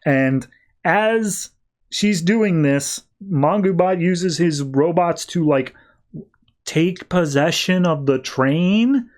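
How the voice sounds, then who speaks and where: Enthusiastic man recapping comics. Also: fairly high pitch. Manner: enthusiastic, quick storytelling. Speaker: podcast host. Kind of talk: casual comic book recap.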